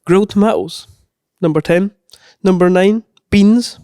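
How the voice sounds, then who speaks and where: Deadpan co-host man. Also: high-pitched, measured pace, clear, resonant tone, no echo, clean studio sound. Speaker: podcast co-host. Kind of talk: casual podcast banter.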